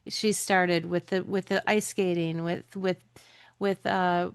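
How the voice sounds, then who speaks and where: Woman podcast host, emphatic, slow delivery, dry close sound. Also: lowish voice, little pitch movement, clean tone, dry recording. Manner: earnest, emphatic, speaks to listeners directly. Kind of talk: interview hosting, addressing the audience.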